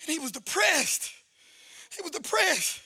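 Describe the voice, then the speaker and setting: A male pastor preaching a fervent sermon, often shouting. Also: very high-pitched, very animated, measured pace, vocal fry, dry recording, studio quality. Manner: fervent, shouting preacher with call-and-response lines.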